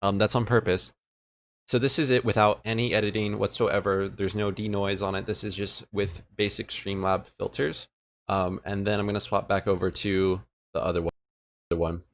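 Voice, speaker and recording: A man's voice: on the low side, level tone, normal speed, a little hiss or hum. Laid-back young man chatting on a stream. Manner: laid-back, chatty, answers viewers' chat as he works. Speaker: livestreamer coding a game server. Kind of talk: casual livestream chat. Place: home room with an air conditioner running. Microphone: desk microphone, switching between two.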